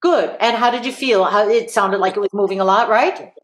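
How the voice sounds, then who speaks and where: A woman's voice: medium pitch, fairly quick, roomy sound. A woman voice teacher coaching students through vowel exercises, encouraging them and singing examples. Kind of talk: live group voice lesson.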